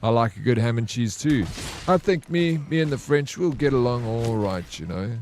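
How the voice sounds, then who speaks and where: A man live-streaming a game, chatting and joking with his viewers, and loudly welcoming raiders. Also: medium pitch, normal speed, slight background noise. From South Africa. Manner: jokey, excitable, banters with chat. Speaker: variety streamer. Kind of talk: casual live-stream chat while gaming.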